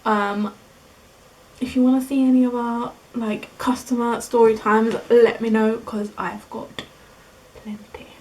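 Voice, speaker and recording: A young British woman in her twenties telling a story casually in a vlog, chatty and animated, acting out the dialogue. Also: a little high, a little slow, poor audio. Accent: British English. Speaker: beauty vlogger.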